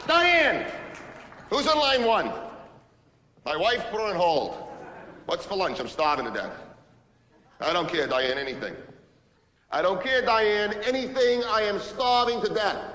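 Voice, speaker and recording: Casting note: a man doing a brash New executive barking sarcastically into the phone, voice pitched a bit high, stage mic in an echoey hall. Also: a bit bright, slight background noise. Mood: demanding. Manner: barking, sarcastic, rapid-fire phone rant. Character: loud, pushy, self-pitying male business executive. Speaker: stage actor in a one-man play. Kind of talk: stage monologue. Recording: echoey hall with long reverb, faint ambience.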